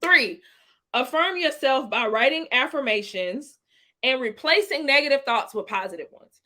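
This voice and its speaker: A woman with a bright, clear voice pitched a little high hosts a relaxed podcast chat. She talks in a lively, slangy way and laughs easily as she gives tips. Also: moderate pace. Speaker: podcast co-host.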